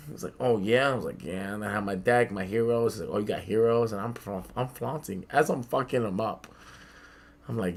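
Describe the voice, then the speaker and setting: A young man from the Bronx telling a childhood story in casual podcast chat, animated, swearing freely and acting out the voices of people he quotes. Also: mid-range voice, moderate pace. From the Bronx, New York. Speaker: podcast co-host. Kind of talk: casual storytelling among friends.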